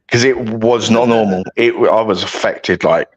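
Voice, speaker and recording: A man's voice: on the low side, a little slow, lo-fi sound. Chatty British man telling stories. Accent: British English. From United Kingdom. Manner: rambling, self-mocking, restarts often. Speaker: guest paranormal investigator. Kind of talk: casual storytelling chat.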